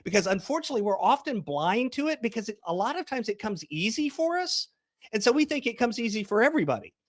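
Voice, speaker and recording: A man's voice: very high-pitched, big pitch swings, fast, no echo, studio quality. A man, a coach and author, talking in an interview and acting out small scenes as he tells a story. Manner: storytelling, acts out dialogue. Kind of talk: podcast interview.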